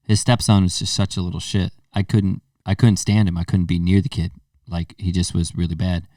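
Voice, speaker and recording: Man in his thirties, low voice, casual podcast host, animated storytelling, dry room, a bit off mic. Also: a little fast, no room sound, recorded from a distance. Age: 30s. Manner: animated storyteller, acts out quotes.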